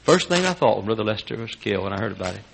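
An older man from Texas with a Texan accent, preaching a sermon as a pastor. He swings between hushed, tender low passages and high, shouted preaching, often chuckling as he goes. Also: big pitch swings, rapid-fire, vocal fry, slight background noise, rough recording.

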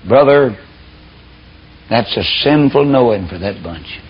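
A preacher delivers a fiery, folksy sermon, his voice swinging widely in pitch. It sounds husky and gravelly, and the recording is dull and lo-fi. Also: animated, slow pace.

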